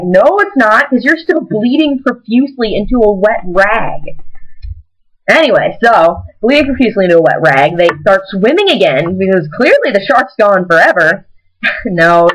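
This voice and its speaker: A woman's voice: mid-range voice, poor audio. A woman sarcastically retelling a film plot in a loose, rambling way, with "like" in nearly every sentence and little laughs along the way. Her voice swings widely up and down as she talks. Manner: rambling and sarcastic, says "like" constantly, laughs between lines. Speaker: movie reviewer. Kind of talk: casual comedic recap.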